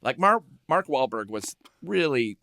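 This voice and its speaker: A man hosting a podcast who chats casually about films and tells animated stories, acting out quotes. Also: medium pitch, a little slow, vocal fry, no room sound, clean studio sound. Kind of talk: casual film chat.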